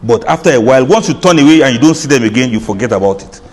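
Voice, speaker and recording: A man giving an informal religious lecture, chatty and often laughing, playing out reactions with soft drawn-out sighs. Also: mid-range voice, lively intonation, big-room sound. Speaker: Islamic lecturer. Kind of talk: informal sermon.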